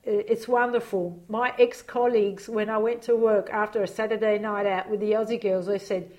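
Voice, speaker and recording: A woman's voice: medium pitch, flat delivery, brisk, a little mellow. A woman being interviewed, talking in a reflective, hesitant way with many fillers and frequent laughs. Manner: laughs often while talking. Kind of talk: casual reminiscing interview.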